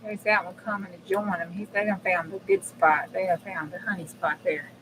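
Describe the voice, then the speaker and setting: A woman's voice: lowish voice, steady tone, normal speed, noisy background. Woman, crafting livestream host; blunt, casual cussing, chats right to viewers. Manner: chatty and blunt, swears casually, talks to viewers. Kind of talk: casual live crafting chat.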